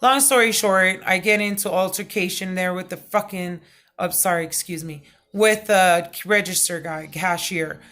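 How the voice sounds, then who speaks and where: A middle-aged woman vlogging, telling a personal story in a loud, excitable way, full of fillers. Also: fairly low pitch, normal speed. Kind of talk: casual storytelling vlog.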